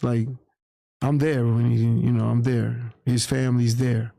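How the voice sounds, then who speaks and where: A man's voice: mid-range voice, little pitch movement, normal speed, gravelly, mellow, no echo, clean studio sound. A man from New York, a guest in an interview, telling a story in a candid, plain-spoken way and acting out what others said. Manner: candid, plain-spoken, acts out quoted voices. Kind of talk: casual storytelling.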